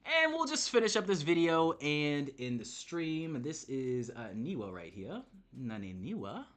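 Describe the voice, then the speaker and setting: Rambling bright-voiced male streamer. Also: a little high, very animated, measured pace, soft background music. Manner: rambling, repetitive, profane. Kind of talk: casual live-stream commentary.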